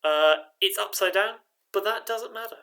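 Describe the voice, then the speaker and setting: A man's voice: sits high, gravelly, pushed and bright. A man leading a choir rehearsal, patiently teaching rhythm and chanting the beats for singers to repeat. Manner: patient, clapping out rhythms with drawn-out syllables. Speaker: choir director.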